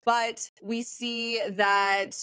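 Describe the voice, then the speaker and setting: A woman's voice: on the high side, level tone, very slow, pushed and bright, smooth, no room sound. Methodical young woman analyzing episodes. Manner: methodical, walks through notes. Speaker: co-host, former contestant. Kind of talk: casual chat.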